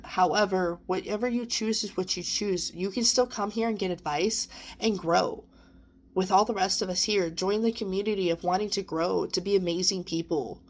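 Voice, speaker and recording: Earnest woman in an emotional self-talk. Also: lowish voice. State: near tears at times. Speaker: vlogger. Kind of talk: personal reflective monologue.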